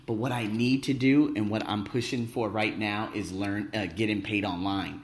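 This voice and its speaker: A man talking in a casual vlog monologue, excitable, boastful and full of swearing, as an English teacher vlogger. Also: fairly low pitch, normal speed, echoey room.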